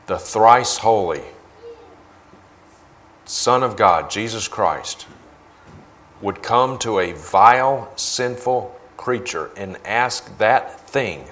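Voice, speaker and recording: Emphatic low-voiced male preacher. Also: a bit bright. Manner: indignant, emphatic, repeats phrases for force. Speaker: guest preacher. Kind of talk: sermon with video commentary.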